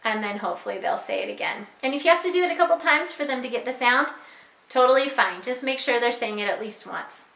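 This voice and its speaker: Bright-voiced woman teacher, echoey room. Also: fairly high pitch, animated. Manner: clear, patient, slows to model sounds. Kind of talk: instructional walkthrough for parents.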